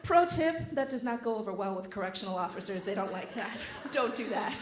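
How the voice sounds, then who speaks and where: A woman's voice: medium pitch, a little fast, roomy sound, noisy background. A woman telling a true story on stage with a wry, comic delivery. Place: stage before a live audience.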